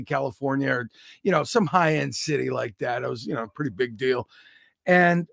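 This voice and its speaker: A man's voice: on the high side, vocal fry, no room sound, clean studio sound. A man, a comedian guest on a podcast, telling a story with self-deprecating, jokey asides. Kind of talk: comic storytelling.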